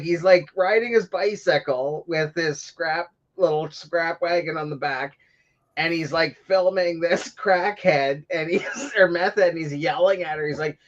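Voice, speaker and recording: A man with a slightly raised pitch hosts a casual livestream chat, drawling his words slowly. He rambles through stories and keeps dissolving into laughter. The audio is dull and lo-fi. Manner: rambling storyteller who laughs often. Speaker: podcast host.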